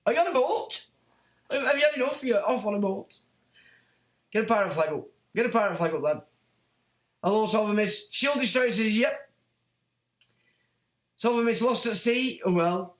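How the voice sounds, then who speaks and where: A man's voice: high-pitched, sing-song, normal speed, pauses often, a bit bright, echoey room. A man hosting a livestream, reading chat comments and ranting in a blunt, sweary, sardonic way. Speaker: livestream host.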